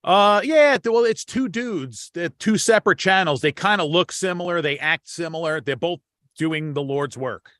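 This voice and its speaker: A man's voice: a little high, moderate pace, a bit bright, dry recording, clean studio sound. A man co-hosting a casual talk show, swearing freely and reacting with energy. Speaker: podcast co-host. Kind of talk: casual chat.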